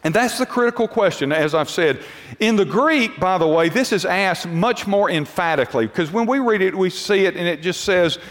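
A man's voice: high voice, expressive, normal speed, fairly bright tone. A male pastor preaching a sermon, emphatic and repetitive, often restarting his sentences. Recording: long hall reverb.

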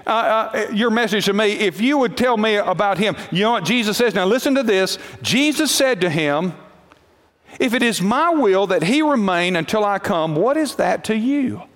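A man's voice: high voice, animated, moderate pace, a bit bright, big-room sound. A man preaching a sermon, telling a Bible story with animation and acting out the characters' lines.

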